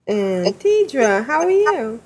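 Upbeat woman podcast host, slightly high voice, chatty. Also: big pitch swings, slow, darkish tone, breathy edge. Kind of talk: casual podcast chat.

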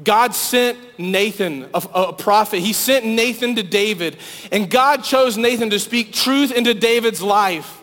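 A man preaching a sermon to students, urging loudly and then dropping to hushed pleading. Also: high voice, unhurried. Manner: fervent, swings from loud urging to hushed pleading. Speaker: youth pastor. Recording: long hall reverb.

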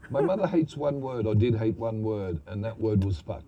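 An older man, a guest actor telling lively, profane, self-mocking stories on stage. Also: on the low side, normal speed, muffled recording. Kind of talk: anecdotal storytelling on stage.

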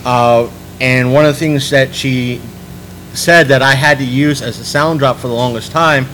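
A man hosting a podcast in casual chat, rambling and restarting his sentences, animated when he quotes people. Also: medium pitch, moderate pace, a little hiss or hum, poor audio. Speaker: podcast host.

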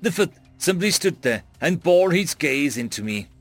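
Guy reading a war story out loud, voice moves around a lot, goes way up for the scared bits. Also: sing-song, normal speed, no echo, soft background music. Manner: voices characters' panicked shouts with big pitch jumps. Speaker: narrator. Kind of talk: dramatic first-person story narration.

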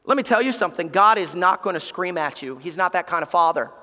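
A male pastor preaching a sermon, swinging between loud emphatic lines and hushed, near-whispered ones. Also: sits high, animated, quick pace. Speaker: executive pastor. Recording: long reverb of a large hall.

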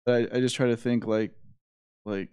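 A young man in casual chat, rambling with many fillers and trailing off quietly. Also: mid-range voice, fairly even intonation, a little fast, clear, resonant tone.

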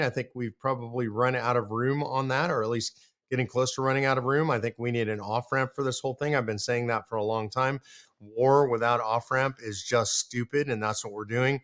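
A man from the United States delivers a political commentary monologue as host, his voice sitting at an ordinary middle pitch. He speaks earnestly and straight to the listener, hammering home his main points by repeating them. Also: fairly bright tone. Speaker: show host.

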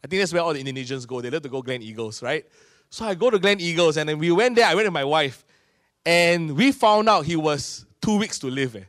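A middle-aged man with a Singaporean English accent, preaching a sermon in an animated storytelling manner. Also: fairly high pitch, brisk, dry recording, studio quality. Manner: animated storytelling, acting out voices of people in his stories. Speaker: pastor.

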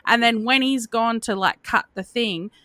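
A woman's voice: on the high side, moderate pace, no room sound. A young Australian woman, a nurse, telling funny work stories in casual chat and laughing through them. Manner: animated, laughing as she tells stories.

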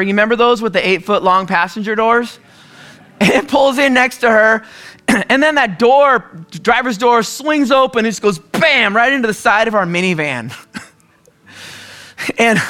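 A pastor from the US Northwest preaches a conversational sermon full of stories, often clearing his throat. His voice is high-pitched with a sharp tone.

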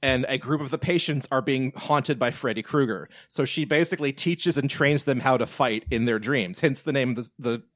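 A man co-hosting a casual podcast chat, animated and joking, with some swearing. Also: medium pitch, normal speed, few pauses, no echo. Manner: animated, profane, joking, breaks into shouted bits. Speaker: podcast co-host.

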